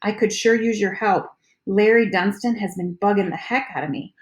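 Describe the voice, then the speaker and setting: A woman's voice: medium pitch, normal speed, lightly acted. Woman voicing a playful boy, goofy, joking, friendly. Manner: goofy, croaky put-on voice at times.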